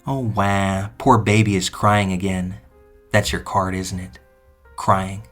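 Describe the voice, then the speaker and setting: A man's voice: fairly low pitch, steady tone, a little fast, fairly bright tone, faint music behind. A man reading the scoffing, mocking lines of a volatile, abusive boyfriend. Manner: scoffing, sneering.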